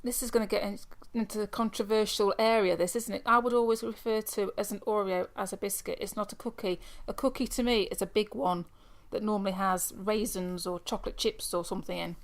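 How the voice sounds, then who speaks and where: A woman's voice: medium pitch, steady tone, fairly quick. A British woman co-hosting a podcast, chatting casually and laughing along with her friend. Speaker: podcast co-host. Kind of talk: casual chat.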